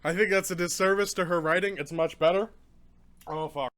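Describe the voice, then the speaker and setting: Pained bright-voiced young man reviewing. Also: sits high, fairly even intonation, brisk, clear, resonant tone. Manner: rambling, pained, swearing and groaning between points. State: in pain from eating a hot pepper, coughing. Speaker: book reviewer. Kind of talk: casual vlog review while in pain from hot pepper.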